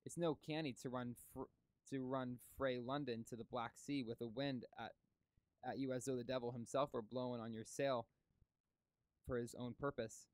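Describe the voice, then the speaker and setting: A man voicing a gruff, superstitious sea captain in broad dialect. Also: mid-range voice, steady tone, moderate pace, no echo, lightly acted. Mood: uneasy. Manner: broad dialect speech, plain and blunt.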